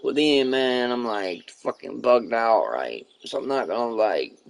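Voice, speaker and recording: Speaking unhurriedly in a creaky, medium-pitched voice, a man on a live stream retells a story full of profanity and tangents. Casual and animated, he performs everyone else's dialogue himself.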